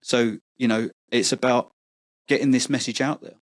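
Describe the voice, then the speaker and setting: A man's voice: medium pitch, fairly even intonation, moderate pace, dry recording. A man as a podcast guest, earnest and persuasive, often stumbling and repeating words. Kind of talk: casual podcast conversation.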